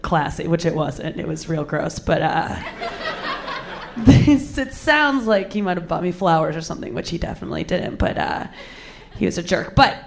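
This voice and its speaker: A woman's voice: medium pitch, a little hiss or hum. A young woman telling a crude personal story with candid, self-mocking humor, laughing often.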